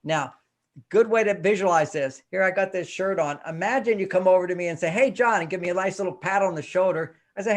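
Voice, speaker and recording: A man's voice: sits high, quick pace. An older man, a relationship counselor and guest in an interview, explaining his techniques and acting out little scenes as he talks. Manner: animated storyteller, acts out little scenes.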